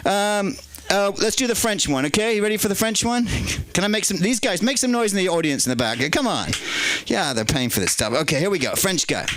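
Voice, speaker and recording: A man's voice: high voice, big pitch swings, brisk, fairly bright tone, slight background noise, poor audio. A man doing crude stand-up comedy in a club, chatting with and teasing the crowd.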